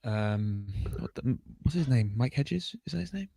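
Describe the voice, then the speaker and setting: A man's voice: medium pitch, lively intonation, moderate pace, vocal fry, dark tone, dry recording. A man co-hosting a casual livestream chat, rambling and searching for words. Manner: rambling, trails off with fillers. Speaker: co-host.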